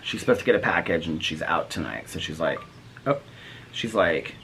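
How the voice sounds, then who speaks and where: A middle-aged man vlogging at home in casual chat, excitable and chatty, breaking off now and then to talk about animals in the yard. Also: deep voice, normal speed, a little hiss or hum.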